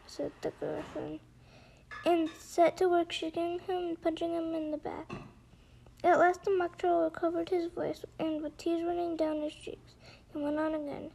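A woman reading a classic children's book aloud in a steady, gentle way, with small slips. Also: very high-pitched, normal speed, creaky, a little hiss or hum, rough recording. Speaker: storybook reader.

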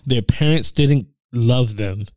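A man's voice: mid-range voice, takes it slowly, darkish tone, dry recording. A man co-hosting a podcast in casual chat, mostly giving short agreeing replies. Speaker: podcast co-host.

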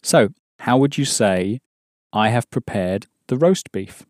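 A man's voice: medium pitch, animated, slow pace, no echo, studio quality. A man teaching an audio language course, patiently explaining and prompting the learner to answer.

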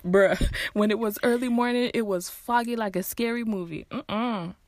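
A woman from Jamaica, co-hosting a podcast, tells stories in a relaxed, casual way. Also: on the high side, normal speed, slight background noise. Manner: relaxed storyteller, speaks standard English. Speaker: podcast co-host, sister. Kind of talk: casual chat.

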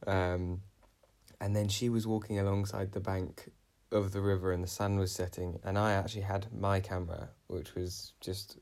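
A man's voice: sits low, little pitch movement, moderate pace, darkish tone. A young man co-hosting a podcast, rambling through a dream story with lots of "um"s. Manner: rambling storytelling with many "um"s and "I was like". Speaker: podcast co-host. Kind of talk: casual chat, recounting a dream.

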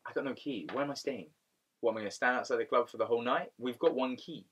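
A man's voice: mid-range voice, fast talker, slightly rough, far from the mic, muffled recording. Man telling a story, slightly off-mic. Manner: animated storyteller, acts out quotes. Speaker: podcast co-host. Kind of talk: casual storytelling chat.

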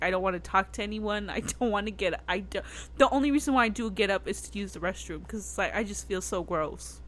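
A woman's voice: mid-range voice, a bit bright, slight background noise. A young woman in casual chat, talking in a rambling way with many fillers and restarts.

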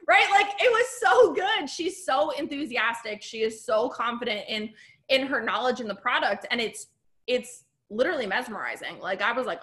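A woman's voice: fairly high pitch, animated, moderate pace, a bit bright. A woman coaching her team on a video call, bubbly and chatty, full of "like" and "right?". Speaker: business coach.

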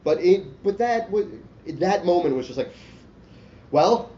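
A man's voice: high voice, lively intonation, moderate pace, dark tone. A man telling a long, profane story in casual chat, rambling and self-mocking and full of "like". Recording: roomy, dull lo-fi sound with faint hiss.

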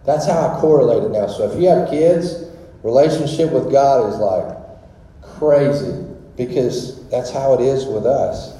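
A man's voice: medium pitch, unhurried, mellow. A man preaching a casual, rambling testimony sermon full of fillers. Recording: very echoey hall with long reverb.

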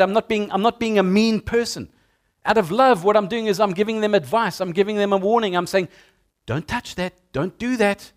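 A middle-aged man, preaching a sermon as a pastor in an animated storytelling way. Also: high voice. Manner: storytelling, animated with acted-out sounds.

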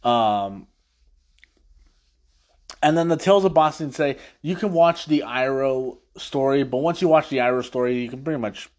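Man, casual after-show recap, chatty, laughs a lot, mid-range voice, plays quotes in silly voices. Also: mid-range voice. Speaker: podcast host recapping an episode.

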